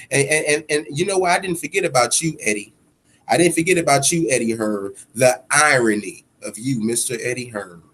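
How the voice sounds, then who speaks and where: Give me a man hosting his own podcast, fired up and cursing, voice swinging up when he gets angry. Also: breathy edge. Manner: heated, profane ranting with sudden swells in pitch and loudness; repeats himself for emphasis. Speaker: boxing podcast host. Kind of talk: solo podcast commentary.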